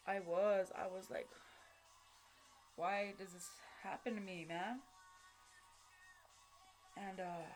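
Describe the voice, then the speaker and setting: A woman tells a personal story in a halting way, with many fillers and restarts. She is blunt and swears casually. A faint bed of music plays under her voice. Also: mid-range voice. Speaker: vlogger.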